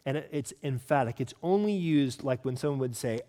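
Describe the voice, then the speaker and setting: A man preaching a sermon as pastor, earnest and teaching, asking the congregation questions and slowing down to stress scripture. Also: mid-range voice, mellow. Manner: stresses key words, slows down for scripture.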